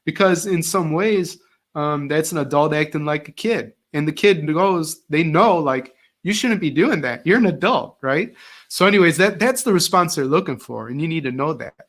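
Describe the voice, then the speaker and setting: A middle-aged former teacher tells stories as a guest in a casual interview, speaking at a moderate pace in a slightly high voice. He is animated and acts out the voices he quotes.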